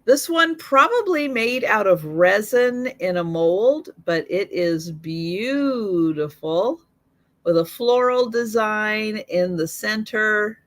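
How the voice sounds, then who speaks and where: A woman's voice: mid-range voice, lively intonation, a bit bright. A woman hosting a live online sale, listing vintage items and prices one by one with fillers, her voice slightly worn. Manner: slow, item-by-item pricing with fillers.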